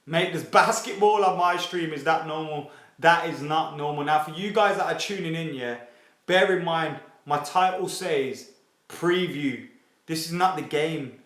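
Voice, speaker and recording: Lad hosting a late-night fan stream, fired up and swearing, slightly high voice, echoey room. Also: male voice, unhurried. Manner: excitable, sweary, reads viewer comments aloud. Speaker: football fan channel host. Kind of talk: casual live stream chat. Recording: roomy echo.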